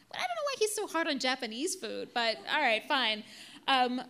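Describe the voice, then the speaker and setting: A woman's voice: high-pitched, sing-song, moderate pace, pushed and bright. Chatty woman giving a slide talk. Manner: casual, chatty storytelling with fillers and asides. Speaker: presenter. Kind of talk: live talk to an audience with slides. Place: venue in a big city.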